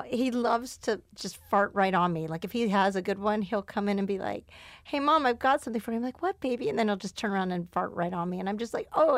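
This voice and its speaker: A woman in her thirties hosting a casual podcast chat, telling stories in an animated, giggly way. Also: mid-range voice, gravelly, no room sound. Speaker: podcast host.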